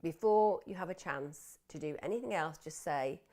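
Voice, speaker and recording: A woman's voice: sits low, lively intonation, normal speed, few pauses, mellow. A middle-aged woman hosting a live mental health talk, explaining earnestly and voicing inner thoughts in quotes. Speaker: psychotherapist host of a live wellbeing Q&A.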